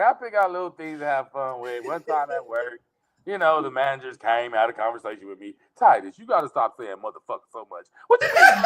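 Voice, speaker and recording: A middle-aged man, a comedian guest, telling casual funny stories with lots of laughter and sudden jumps into high mock voices.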